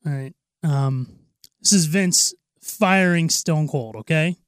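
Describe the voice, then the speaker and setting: A man's voice: on the high side, slow pace, clear, resonant tone, dry recording, clean studio sound. A man co-hosting a podcast, joking around and playfully defending himself. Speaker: podcast co-host. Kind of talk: casual podcast banter.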